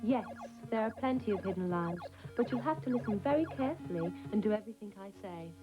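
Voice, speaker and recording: A woman's voice: mid-range voice, lively intonation, quick pace, highs cut off, close to an everyday voice. A woman playing a theatrical, vain games mistress who gives out cheats and calls people ducks. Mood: instructive. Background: music under the voice.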